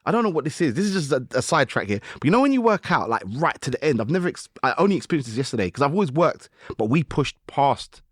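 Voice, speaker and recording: A man, a guest musician on a podcast, telling stories in lively slang and acting out his own inner voice. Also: fairly high pitch, quick pace, hardly any pauses, no echo, studio quality. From United Kingdom. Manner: animated storytelling with slang and acted-out self-talk. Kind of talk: casual podcast conversation.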